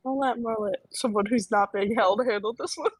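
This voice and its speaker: High, giggly, animated female player. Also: a little fast, breathy edge, no room sound, faint music behind. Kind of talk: playing a tabletop game.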